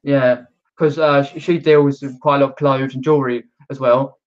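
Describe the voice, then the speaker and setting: A man's voice: medium pitch, steady tone, moderate pace. A man hosting a casual live stream, talking hesitantly with many ums and restarts and reading viewer comments aloud. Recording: dull lo-fi stream audio.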